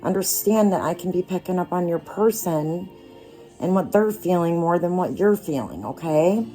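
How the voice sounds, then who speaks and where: A woman giving a casual tarot card reading, talking straight to the listener in an unhurried, reassuring way. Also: fairly low pitch, lively intonation, mellow, faint music behind. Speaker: tarot reader.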